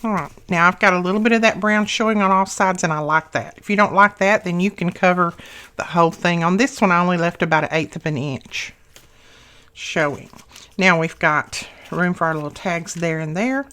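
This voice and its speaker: A woman with a somewhat low voice hosts a relaxed crafting tutorial. She explains each step plainly and chattily, thinking aloud and dropping small asides as she works. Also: normal speed, clean tone. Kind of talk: casual step-by-step craft demonstration.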